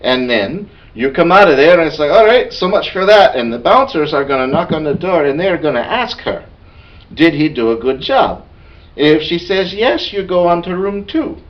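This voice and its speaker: A player tells an in-character story, a man voicing a boastful, bawdy male dwarf warrior who spins a rambling tavern tale. His voice is a little high, and the lo-fi recording was made from a distance.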